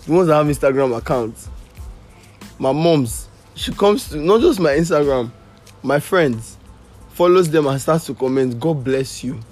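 A man's voice: fairly high pitch, lively intonation, unhurried, long pauses, a little mellow, soft background music. A young man co-hosting a podcast, chatting casually in loose, joking, profane banter. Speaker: podcast co-host. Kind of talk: casual chat.

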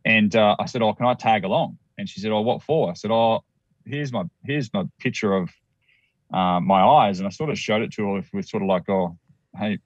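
A man's voice: fairly low pitch, brisk, dry recording, dull audio. An Australian man telling a personal story as a guest, rambling with restarts and acted-out quotes.

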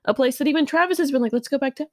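A woman's voice: high voice, rapid-fire, a little mellow. A young woman co-hosting a podcast, chiming in with emphatic, supportive comments in casual chat. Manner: supportive, emphatic, frequent affirmations. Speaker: podcast co-host.

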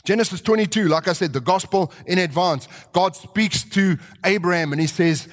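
A man preaching a sermon, telling the story with animated delivery and acting out the characters' voices. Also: high-pitched, normal speed, hardly any pauses. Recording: long hall reverb.

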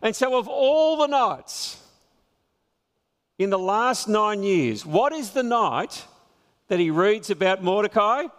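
A man preaching a sermon, retelling a scripture story with lively storytelling and chuckles at his own jokes. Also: sits high, slow, long pauses, long reverb tail.

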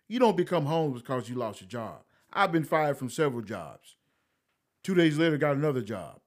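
A man's voice: medium pitch, very animated, fairly quick. A man giving blunt, preachy commentary, scolding his listeners in a lecturing tone and slipping into mocking voices to quote others. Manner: slips into mocking voices when quoting others. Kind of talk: direct-to-camera commentary.

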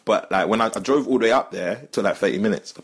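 A man's voice: on the low side, fast, slightly rough. A young man, hosting a podcast and telling a story in casual, slangy chat, laughing as he goes. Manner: slangy, animated, laughs while telling stories. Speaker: podcast host.

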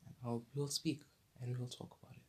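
A man's voice: mid-range voice, flat delivery, brisk, mellow, husky. A man hosting his own podcast segment, talking in an earnest, rambling, unscripted monologue that often repeats itself. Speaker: podcast host.

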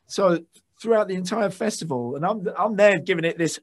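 Excitable man telling stage stories. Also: high voice, brisk, loud music behind the voice. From England. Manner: excitable, swears, acts out shouts and quotes. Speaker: guest guitarist. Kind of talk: casual storytelling interview.

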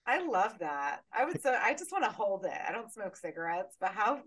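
Woman, casual movie chat, very lively pitch, giggly. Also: fairly quick, a crowd in the background. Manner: giggly, chatty, swears. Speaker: podcast co-host.

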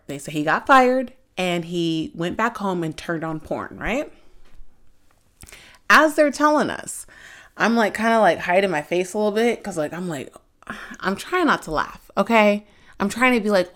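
A woman's voice: medium pitch, a bit bright. A young adult woman hosting a podcast, chatting casually and telling candid stories, filling her speech with "like". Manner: chatty, candid storytelling with lots of "like". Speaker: podcast host. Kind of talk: casual chat.

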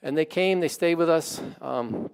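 A pastor telling a story in his sermon, in a conversational and animated way. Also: a little high, unhurried, vocal fry, smooth.

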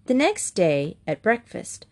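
A woman narrating a children's chapter book in a clear, measured reading. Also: mid-range voice, big pitch swings. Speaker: audiobook reader.

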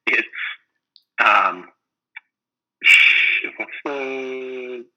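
A man's voice: drawn-out words, pushed and bright, low-quality recording. Casual young man podcast co-host. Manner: rambling, lots of "like" and "um", acts out quotes in high voices. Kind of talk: casual chat.

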